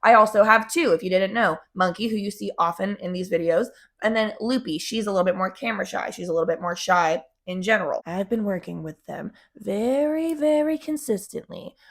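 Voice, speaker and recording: A young woman chatting to her camera in a loose, rambling way, dropping swear words and fillers as she goes. Her voice sits at an ordinary middle pitch for a woman. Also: fairly quick, a bit bright. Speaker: vlogger. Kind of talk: casual chat to camera.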